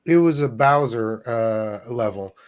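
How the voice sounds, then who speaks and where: A man's voice: mid-range voice, measured pace, clean tone. A man on a podcast, a guest, telling rambling stories with lots of restarts. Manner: rambling, self-interrupting storytelling. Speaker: guest streamer. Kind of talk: casual podcast chat.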